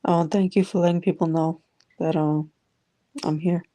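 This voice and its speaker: A woman's voice: lowish voice, fairly even intonation, moderate pace, mellow. A woman hosting a casual live audio chat, greeting listeners by name and reading their comments aloud. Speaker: live audio room host.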